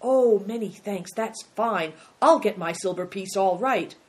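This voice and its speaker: A woman's voice: mid-range voice, measured pace, a little mellow, pitched above the performer's own voice, natural voice. A woman reading a storybook aloud and voicing a poor, polite, clever country boy. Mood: earnest. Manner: polite and earnest.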